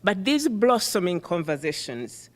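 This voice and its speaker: A middle-aged woman who is not a native English speaker, giving an animated, emphatic conference keynote. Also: lowish voice, unhurried. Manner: animated, emphatic, self-deprecating. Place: conference hall. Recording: reverberant hall.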